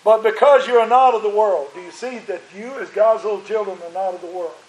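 The pastor's high, slightly mellow voice moves briskly through his sermon, repeating phrases for emphasis. He sounds strained, and the recording carries the echo of the church sanctuary where he stands.

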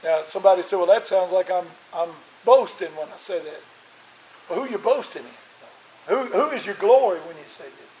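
A man with a high voice preaches to his congregation, driving his points home by repeating phrases. His voice sounds strained from the effort. The sound rings around an echoey church sanctuary. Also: expressive, moderate pace, a little mellow, slight background noise. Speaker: pastor. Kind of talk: sermon.

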